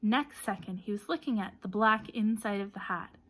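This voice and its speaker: Bright, lively woman reading a storybook. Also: medium pitch, normal speed. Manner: lively reading, puts energy into called names and shouts. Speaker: audiobook narrator. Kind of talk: storybook narration.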